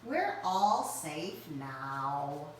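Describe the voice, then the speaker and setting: A woman voicing a calm, kindly male owl who comforts his friends in a slow, reassuring way. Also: deep voice, slight background noise, voice pushed down, full character voice. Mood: soothing. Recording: roomy echo, mic at a distance.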